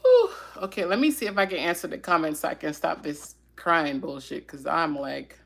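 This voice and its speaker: Low-pitched, husky and creaky yet fairly bright, this woman's voice carries a casual live stream. She's emotional and reflective, sincere in tone, and keeps pausing with sighs and fillers.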